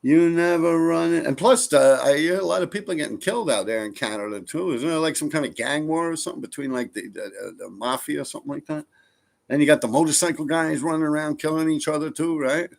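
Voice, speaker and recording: New streamer, male, higher-pitched, loose profane chat with viewers. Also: quick pace, creaky. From New York. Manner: rambling, profane, laid-back. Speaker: streamer reading viewer comments. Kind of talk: casual live-stream chat.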